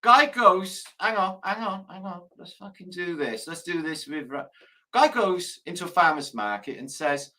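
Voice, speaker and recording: A man hosts a casual live stream, his voice jumping about in pitch with a bright, forward tone. He swears freely and reels off dad jokes between greetings to viewers. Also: lively intonation, normal speed. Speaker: livestream host.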